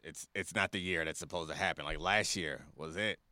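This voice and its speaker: Deep, bright-toned man in a dry booth. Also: fairly quick, no room sound. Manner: easygoing, opinionated, loose phrasing. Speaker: podcast co-host. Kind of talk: casual sports talk.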